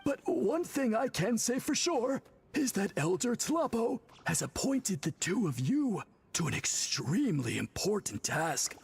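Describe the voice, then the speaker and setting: A man voicing a polite, formal tribal priest in a video game, courteous and measured. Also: high voice, big pitch swings, creaky, breathy edge, heavily acted. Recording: game audio with faint music.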